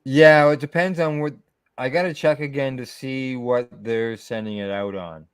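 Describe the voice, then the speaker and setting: A man's voice: mid-range voice, fairly even intonation, moderate pace, smooth. A man hosting a casual chat over a video call, talking in a rambling way full of asides. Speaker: host.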